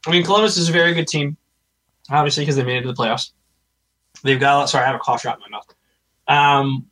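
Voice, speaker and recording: Co-hosting a laid-back sports podcast, a man shares opinions full of hesitation, fillers, and restarts. He has a medium-pitched, bright voice with a forceful tone, heard on a rough recording.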